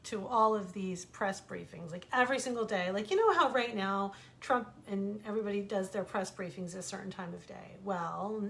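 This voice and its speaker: A woman's voice: medium pitch, moderate pace, vocal fry, hardly any pauses, fairly bright tone, slight background noise. A middle-aged American woman telling stories from home in a casual, chatty way, acting out the voices of the people she quotes. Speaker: author reading stories online. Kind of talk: casual storytelling.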